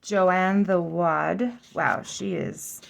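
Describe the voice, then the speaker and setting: A woman hosting a casual flip-through vlog, slowly sounding out names aloud, correcting herself and musing with giggly asides. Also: lowish voice, fairly even intonation, vocal fry. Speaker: oracle deck reviewer.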